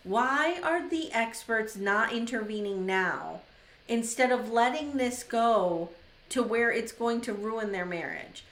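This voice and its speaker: A woman's voice: on the high side, slow, fairly bright tone. Emphatic woman co-host in a roomy space. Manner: thoughtful and emphatic, restarts to find words. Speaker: podcast co-host. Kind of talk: casual chat recapping a TV episode. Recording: roomy echo.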